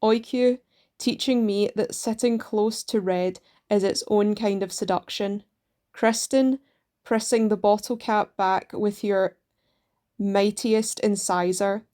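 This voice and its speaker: A woman reading poems aloud in a slow, measured way, pausing between lines. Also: mid-range voice, steady tone, dark tone. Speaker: poetry reader.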